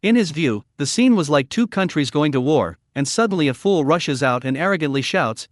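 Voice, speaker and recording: A man's voice: on the high side, expressive, brisk, few pauses, no room sound, studio quality. A man narrating a recap of a comic story in a scripted reading style, voicing each character's lines in his own voice.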